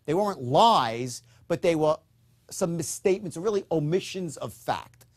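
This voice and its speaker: A man teaching a recorded sales course, speaking emphatically and often checking in with a quick "okay?". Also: fairly high pitch, expressive. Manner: acts out upbeat and dull tones in demonstrations. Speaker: sales trainer.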